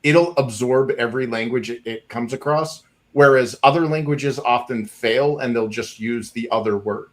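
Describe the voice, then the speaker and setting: A man co-hosting a casual comics podcast, talking in a rambling, quick way with lots of restarts. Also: medium pitch. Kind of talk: casual chat.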